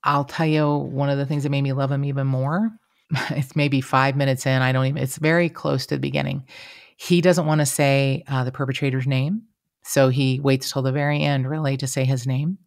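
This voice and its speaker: A woman co-hosting a casual true-crime podcast speaks in a very deep voice at a moderate pace. She's chatty and emotional, acting out what people said in lively voices. The podcast room recording is studio quality, with no room sound.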